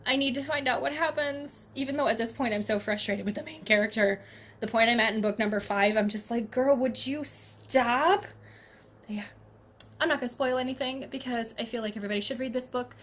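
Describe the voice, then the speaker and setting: A woman's voice: on the high side, steady tone, quick pace, a bit bright, a little hiss or hum. A young adult woman chatting casually and enthusiastically about books she has read, laughing often. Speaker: book reviewer. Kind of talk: casual book review vlog.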